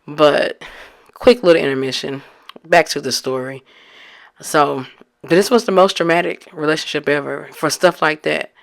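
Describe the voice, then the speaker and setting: A woman's voice: sits low, steady tone, moderate pace, creaky. A woman casually telling a story from her own life and acting out both sides of the talk with rising exasperation. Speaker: storyteller recounting her own past relationship.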